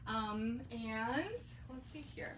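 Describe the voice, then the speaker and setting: A woman's voice: a little high, expressive, very slow, noisy background. A woman with an Ozark Arkansas accent hosting a live shopping stream, chatting and laughing as she shows off handbags. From Boston Mountains of the Ozarks, Arkansas. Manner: chatty, laughs often while showing products. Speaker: live-stream shop host.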